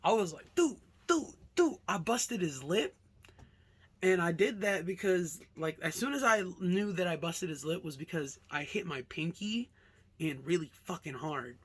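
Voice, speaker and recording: A young man from Alaska, casually telling a storytime, animated and swearing, acting out punches with sound effects. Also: on the high side, normal speed, breathy edge. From Alaska, USA. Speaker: vlogger.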